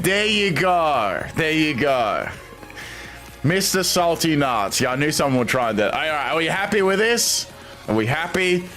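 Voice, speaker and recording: An Australian man in his twenties talks through a live stream at a slow, unhurried pace, reading viewer chat aloud with amused disbelief. His pitch swings widely, sitting somewhat high for a man. Faint music plays behind him. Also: fairly bright tone. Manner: amused, reads viewer suggestions aloud with incredulous reactions.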